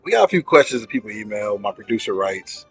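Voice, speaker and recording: A man's voice: on the low side, sing-song, fast, soft background music. A man hosting a casual show, asking questions in a playful, teasing way. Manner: playful, teasing, loose interviewer. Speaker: host. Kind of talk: casual podcast chat.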